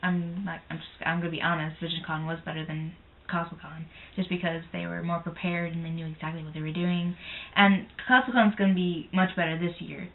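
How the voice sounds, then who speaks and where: A woman's voice: fairly even intonation, fairly quick. Chatty young woman on tinny audio. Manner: chatty, giggly, acts out quotes in a higher voice. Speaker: vlogger recapping a convention. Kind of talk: casual chat. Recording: tinny phone-like audio, faint noise.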